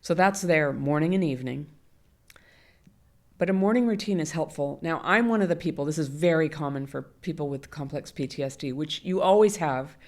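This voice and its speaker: A woman's voice: sits low, normal speed, darkish tone. A middle-aged woman, a guest in an interview, talking candidly and animatedly, often laughing. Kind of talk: conversational interview.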